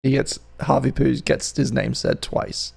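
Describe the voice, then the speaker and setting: A man's voice: mid-range voice, fairly even intonation, a little slow, gravelly, a little mellow, breathy edge. A man from the UK hosting a live music stream, chatting casually and playfully with his viewers in a rambling, teasing way. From United Kingdom.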